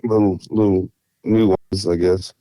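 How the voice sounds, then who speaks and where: A man's voice: deep voice, fairly even intonation, takes it slowly, mellow, dry recording. A tired man with a mild South Carolina Southern accent, chatting loosely as a podcast guest and laughing easily. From South Carolina, USA. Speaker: guest turkey hunter. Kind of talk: casual podcast chat. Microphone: remote line.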